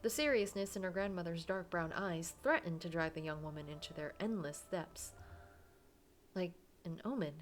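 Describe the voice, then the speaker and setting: Woman, lowish voice, narrates a story game aloud with chatty asides, soft music behind. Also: moderate pace. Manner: dramatic narration broken by casual asides. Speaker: game player reading aloud. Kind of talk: reading a visual novel aloud with asides.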